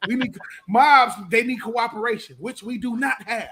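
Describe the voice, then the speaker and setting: A man co-hosting a sports radio show, chatting casually in an animated, slangy way that repeats itself. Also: very high voice, normal speed, crowd noise. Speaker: co-host.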